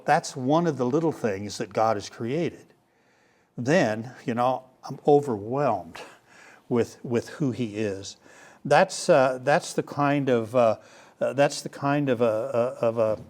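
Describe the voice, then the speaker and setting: An older man teaching a Bible class in a relaxed lecture style, pausing often with fillers and restarts. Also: medium pitch. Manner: hesitant, many fillers and restarts. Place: room with a live class.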